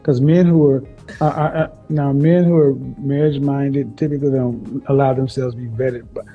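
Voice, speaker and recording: A man's voice: medium pitch, level tone, moderate pace. A man giving dating advice on a call-in show, curt and stern as he lectures a caller. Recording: dull lo-fi clip with faint music.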